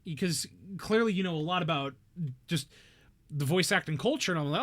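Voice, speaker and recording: A man streaming a game, chatting casually and telling a rambling, excitable story. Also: fairly high pitch, fairly quick. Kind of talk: casual chat.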